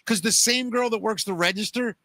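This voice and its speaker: A podcast host man tells stories in a loose, rambling way, leaning on "you know" again and again. His voice sits high and sounds bright and forward. The sound is dry and close. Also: fairly quick, dry recording. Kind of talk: casual chat, storytelling.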